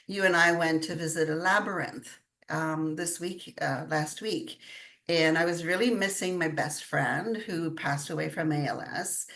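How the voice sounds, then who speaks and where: An older woman with a low voice tells her stories in an easy, chatty way. She laughs often as she talks through the interview. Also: unhurried, fairly bright tone. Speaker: guest, intuitive channeler. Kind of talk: casual interview chat.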